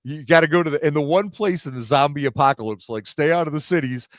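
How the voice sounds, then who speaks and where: A middle-aged man hosting a podcast in casual chat, an animated storyteller who acts out the people he quotes. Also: on the high side, fast talker, no echo, clean studio sound. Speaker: podcast host.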